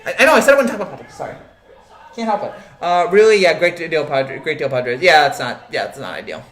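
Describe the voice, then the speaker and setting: A man's voice: on the high side, sing-song, fast, fairly bright tone, roomy sound. Rambling joking man hosting a sports stream. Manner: rambling, joking, many restarts and fillers. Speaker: sports show host reading live chat. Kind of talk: casual live-stream chat.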